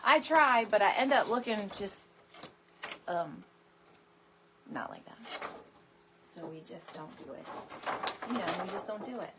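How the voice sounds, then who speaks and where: A middle-aged woman hosting a casual craft tutorial livestream, chatty and animated, greeting viewers by name from her home craft room. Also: mid-range voice, a little slow, long pauses, heavy background noise. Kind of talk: casual live crafting chat.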